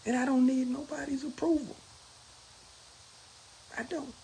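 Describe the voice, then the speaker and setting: A man's voice: very high voice, level tone, unhurried, gravelly, mellow, a little hiss or hum. A middle-aged man, a union steward, speaking in a casual monologue and acting out quoted exchanges in a raised voice.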